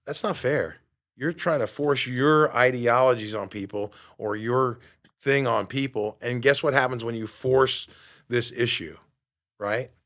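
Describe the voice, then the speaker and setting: With a medium-pitched voice and an unhurried pace, a fifty-something man gives a spirited motivational monologue. He hosts a podcast, coaches fitness, and voices the quotes he shares.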